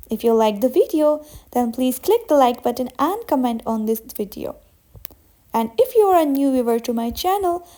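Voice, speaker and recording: A young woman teaching a vocabulary lesson, saying each word slowly and carefully and repeating it. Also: sits high, mellow. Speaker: language teacher. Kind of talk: vocabulary lesson with slow repetition.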